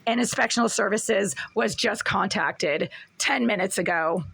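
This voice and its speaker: A hoarse woman with a raspy, cracking voice, insistently complaining in a self-filmed video from her small apartment. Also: medium pitch, measured pace, fairly bright tone, no room sound. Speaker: tenant filming a complaint video. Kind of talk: agitated self-filmed vlog. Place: small apartment, near a window.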